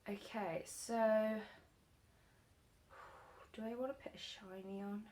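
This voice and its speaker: A woman's voice: mid-range voice, slow, a little hiss or hum. Chatty girl doing her makeup on camera, rambling story, lots of likes and ums. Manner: chatty, animated storytelling with many fillers. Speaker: beauty vlogger. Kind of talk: casual chat while doing makeup.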